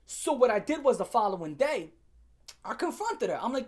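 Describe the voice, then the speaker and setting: A man's voice: very high voice, big pitch swings, normal speed. A young man rants through a storytime video, swearing freely and dropping slang as he goes. He talks straight to his viewers and circles back over the same points, building up heat as he retells it. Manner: profane, slangy, heated ranting. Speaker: YouTuber telling a story. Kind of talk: storytime rant.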